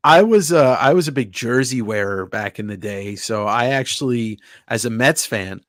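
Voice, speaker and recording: A man's voice: mid-range voice, expressive, normal speed, no room sound. Guy hosting a stream, mid voice, reads chat, dry close mic, chill slangy talk. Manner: reads chat comments aloud, joking banter; says "hella", swears casually. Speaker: podcast host. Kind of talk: casual livestream chat.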